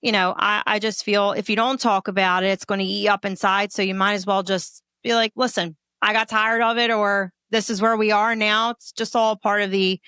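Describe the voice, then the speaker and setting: A woman with a Philadelphia accent chatting candidly as a comedian guest, telling stories with lively, salty humor. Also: mid-range voice, brisk, few pauses, smooth, no echo, studio quality. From Port Richmond, Philadelphia. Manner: candid, profane, lively storyteller. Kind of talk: casual interview chat.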